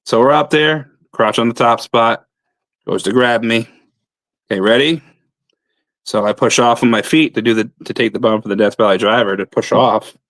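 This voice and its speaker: A man's voice: medium pitch, normal speed, fairly bright tone, no echo. Wrestler guy swearing his way through a ring story, dry close sound, plain middle voice. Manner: profane, blunt anecdote-telling. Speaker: pro wrestler guest. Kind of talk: casual storytelling.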